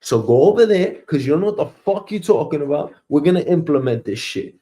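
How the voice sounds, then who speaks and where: A man's voice: a little high, expressive, a little fast, warm tone. A man hosting a casual show, ranting profanely in a mocking way and acting out quoted coworkers. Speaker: host.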